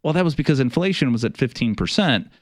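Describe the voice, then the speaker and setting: A man's voice: medium pitch, lively intonation, quick pace, no room sound, studio quality. A middle-aged man, a financial advisor hosting a radio show, talking casually with many fillers, restarts and some wry sarcasm.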